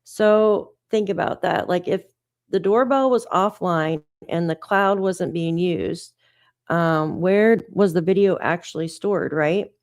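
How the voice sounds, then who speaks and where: A woman's voice: on the low side, takes it slowly, no room sound, studio quality. A woman hosting a casual true-crime livestream, chatting and reading updates aloud in an incredulous way.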